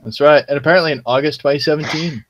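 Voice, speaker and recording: A man's voice: a little high, very fast, a bit bright. A man on a casual talk panel with a dry, wry delivery.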